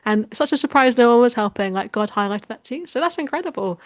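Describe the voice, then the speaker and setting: A woman's voice: a little high, expressive, fast talker, dry recording, clean studio sound. A woman hosting an interview, responding to her guest in an effusive, affirming way. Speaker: interview host. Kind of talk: casual interview chat.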